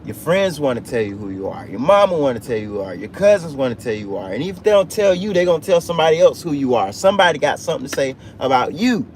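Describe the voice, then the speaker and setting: A man's slightly high, darkish voice races along, very animated and with hardly any pauses. He's giving an impromptu motivational livestream from inside a truck, repeating and stressing his points like a preacher, and the phone picks up plenty of cabin noise.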